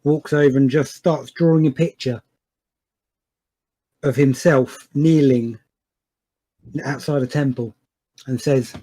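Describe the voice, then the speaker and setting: A man playing a tabletop game, deliberately describing his character's actions. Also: medium pitch, fairly even intonation, warm tone, low-quality recording. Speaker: player. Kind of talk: casual tabletop play.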